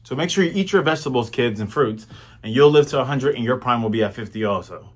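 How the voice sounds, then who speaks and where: Animated man in his thirties reviewing manga. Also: mid-range voice, fast. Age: 30s. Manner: animated, slangy, chatty. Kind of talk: casual commentary.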